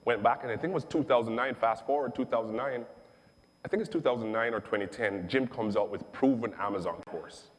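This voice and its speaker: A middle-aged man from Jamaica, telling his own business story in an emphatic, animated way and repeating phrases for stress. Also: mid-range voice, fairly quick. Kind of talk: testimonial storytelling. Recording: long echoing reverb.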